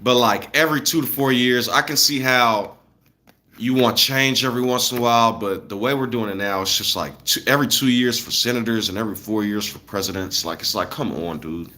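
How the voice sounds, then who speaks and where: A man's voice: medium pitch, brisk, bright, forceful tone. A man in his thirties from the United States, ranting casually to viewers in a loose, slangy, blunt way. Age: 30s.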